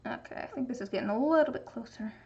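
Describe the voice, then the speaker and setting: A woman's voice: fairly high pitch, animated, rapid-fire, mellow, muffled recording. A woman from the Pacific Northwest with a light regional American accent, chatting casually and rambling with lots of restarts while she streams her crafting. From Pacific Northwest, USA.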